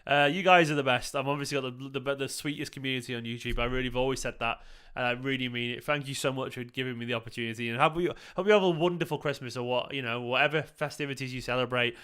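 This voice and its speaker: A man hosts a live football watchalong, chatting casually and gushing thanks to his viewers between remarks on the game. His voice is bright and clean, with loose, frequent swearing. He sounds tired and a bit emotional. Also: mid-range voice, fairly even intonation, fast, hardly any pauses, clear, resonant tone. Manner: effusive, swears freely, thanks viewers by name. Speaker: streamer hosting a football watchalong. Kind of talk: casual live-stream chat and commentary.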